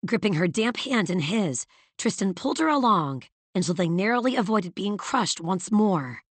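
A woman narrating an audiobook in a measured, even storytelling manner. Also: mid-range voice, dry recording. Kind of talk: scripted narration.

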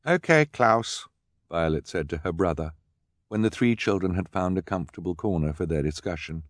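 Guy narrating audiobook, dry wry tone, low voice, close dry sound. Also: fairly even intonation, fairly quick, darkish tone, no room sound. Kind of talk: scripted narration.

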